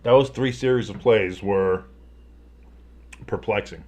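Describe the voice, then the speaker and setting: Calling a football game live in a casual way, this man rambles, curses at the action and often starts his sentences over. He speaks slowly, with a fairly low pitch and a slightly mellow tone.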